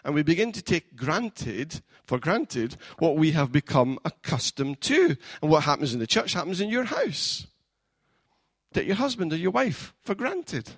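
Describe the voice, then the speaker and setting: Animated, lively preaching man. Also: fairly high pitch, measured pace, husky, dry recording. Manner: animated preaching, builds to shouting. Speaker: pastor. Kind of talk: sermon. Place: church.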